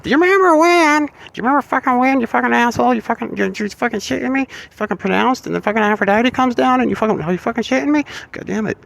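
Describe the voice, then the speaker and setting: A man putting on the voice of a furious goddess, Aphrodite, scolding and cursing in a shrill falsetto. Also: fast, vocal fry, few pauses, fairly bright tone, heavily acted. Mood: furious nagging. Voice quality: shrill, screeching.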